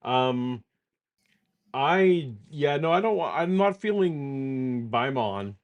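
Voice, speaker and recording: A man's voice: medium pitch, animated, slow pace, dull audio. A man co-hosting a casual live stream, thanking a supporter and teasing the next show. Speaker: co-host. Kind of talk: casual chat.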